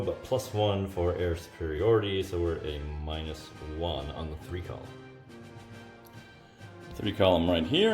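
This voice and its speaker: A man's voice: deep voice, a little mellow. A man hosting a solo board wargame playthrough, thinking aloud as he counts up modifiers and dice rolls, with frequent "uh"s. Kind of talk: solo tabletop game commentary. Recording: echoey room, faint music.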